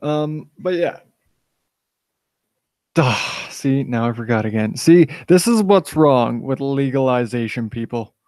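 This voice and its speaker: A man's voice: medium pitch, expressive, measured pace, a little mellow, no room sound. Rambling young man ranting on a stream. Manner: opinionated, rambling, frequent restarts and "you know". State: high on cannabis. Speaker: channel host live-streaming. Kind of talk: rambling live-stream rant. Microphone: desk microphone.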